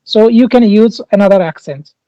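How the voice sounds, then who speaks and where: Woman host, mellow, hesitant, encouraging; muffled dry audio. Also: medium pitch, moderate pace, no room sound. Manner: encouraging, hesitant with many uhs. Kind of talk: casual conversation about learning English.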